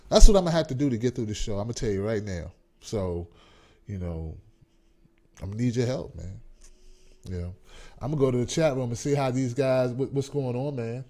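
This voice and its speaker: A man in his forties hosting a comedic talk show, talking in an animated, profane way and acting out voices. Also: mid-range voice. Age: 40s. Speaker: host.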